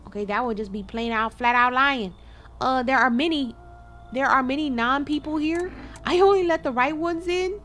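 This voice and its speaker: A woman giving casual gameplay commentary, animated and chatting straight to her viewers with quick exclamations. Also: sits high, soft background music. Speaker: gaming video creator.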